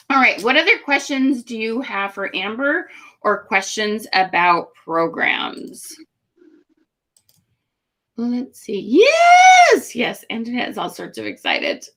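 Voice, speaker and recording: A woman's voice: medium pitch, sharp tone. A woman hosting a live webinar, chatty and upbeat with lots of fillers. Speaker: host.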